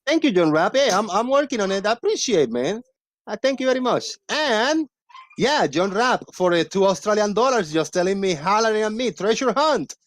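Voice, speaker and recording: A man hosting a livestream, chatting casually and reading out donation shout-outs with thanks. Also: high voice, sing-song, normal speed. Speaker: stream host.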